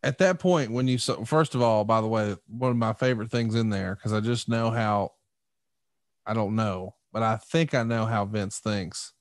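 A man co-hosting a podcast, prompting with questions in a lively, chuckling way. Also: lowish voice, moderate pace, dry recording, clean studio sound. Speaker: podcast co-host. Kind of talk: casual podcast chat.

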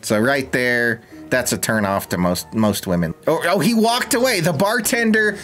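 A man's voice: mid-range voice, moderate pace, a bit bright. A young man streaming a life-sim game, with casual, sarcastic, jokey commentary and frequent swearing.

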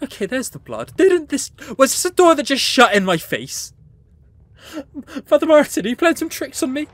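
A woman's voice: high voice, normal speed. A woman hosting a horror game let's play, jumpy and joking, swearing freely and talking back to the characters on screen. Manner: animated and joking, laughs often. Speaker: gaming channel host.

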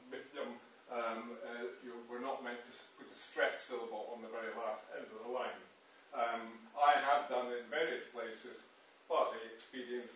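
A man's voice: mid-range voice, a bit bright. Man lecturing in a very echoey room. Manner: reads verse slowly with strong emphasis, explains with many fillers. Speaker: poet and translator giving a reading. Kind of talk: public reading and lecture on poetry. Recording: very echoey room, distant mic, faint noise.

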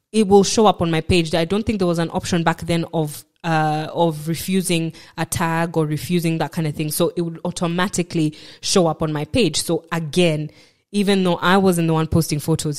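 A woman with a low-pitched, darkish voice and a Kenyan accent appears as a podcast guest, speaking frankly about her own experiences. She is reflective and often jokes at her own expense.

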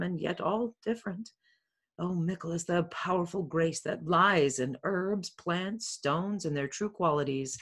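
A woman reading a play's lines aloud in a casual home session, plain and unhurried, pausing now and then to check a word. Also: lowish voice. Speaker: reader, teacher's relative. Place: home room. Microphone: desk mic.

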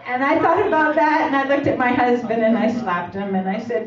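A woman's voice: fairly high pitch, expressive, brisk. A woman in her forties doing a chatty stand-up set in a comedy club, teasing the audience with questions. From Canada. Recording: echoey, distant, muffled club recording. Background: audience laughter and crowd.

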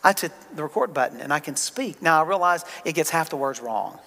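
High-voiced Southern pastor preaching. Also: male voice, expressive, a little fast, bright, forceful tone, slight background noise. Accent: Southern American. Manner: conversational, joking with the congregation. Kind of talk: sermon. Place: church sanctuary. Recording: long hall reverb.

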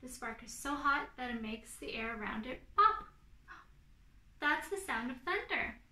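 A woman's voice: sits high, animated, measured pace, bright, forceful tone, echoey room, heavily acted. A woman voicing a sensible, know-it-all young beaver in a storybook, matter-of-fact and explaining.

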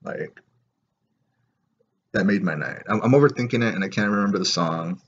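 A man telling a story in a rambling, excited way, with lots of fillers and swearing. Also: lowish voice, normal speed, breathy edge, highs cut off. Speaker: vlogger. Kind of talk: casual storytelling.

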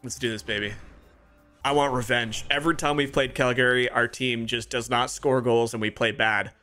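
Excitable man calling game action. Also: medium pitch, brisk. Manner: excitable play-by-play, rising to shouts. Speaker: gaming streamer. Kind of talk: video game commentary. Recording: music playing clearly behind.

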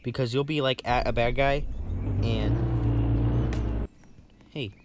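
A man's voice: on the low side, huge pitch swings, slow, gravelly. A man in casual gameplay commentary, chatty and rambling, laughing often at home. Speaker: gaming channel host. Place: indoors at home, bunk bed. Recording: loud background noise.

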